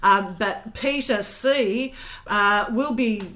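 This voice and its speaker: A woman's voice: fairly high pitch, slow pace, sharp tone. A woman co-hosting a podcast, talking casually and enthusiastically about TV shows. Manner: chatty and enthusiastic, swears casually. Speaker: podcast co-host. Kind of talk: casual chat.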